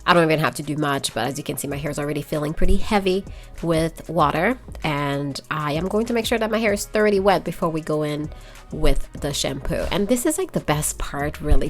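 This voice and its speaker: A young woman with a congested, stuffy voice, chatting playfully with her viewers in a casual hair tutorial. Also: low-pitched. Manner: playful, sassy asides to viewers. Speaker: hair vlogger.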